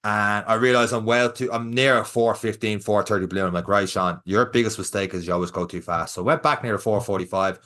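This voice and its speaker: This young Irish podcast co-host has a lowish voice and talks fast with few pauses. In casual chat he recounts a race story as an animated storyteller, acting out what people said.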